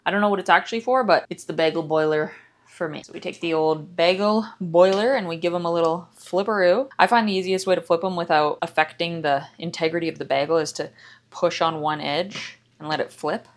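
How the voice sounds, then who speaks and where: Young woman vlogger, goofy and chatty, slightly low voice, casual kitchen talk. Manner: playful, sings nonsense and jokes while cooking. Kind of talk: casual kitchen vlog chat.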